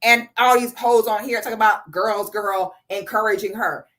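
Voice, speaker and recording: A woman's voice: medium pitch, steady tone, moderate pace, a bit bright. A woman in her thirties giving blunt, profane, sarcastic commentary on a live stream. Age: 30s.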